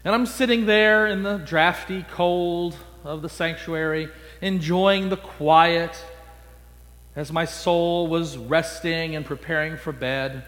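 Storytelling preacher, male, slightly high voice, animated. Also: unhurried, hardly any pauses. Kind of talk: storytelling sermon. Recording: long echo in a large hall.

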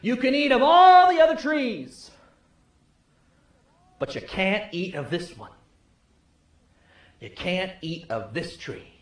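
A male pastor preaching a sermon, telling the story with swings from loud to hushed. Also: sits high, lively intonation, slow pace, pauses often, roomy sound.

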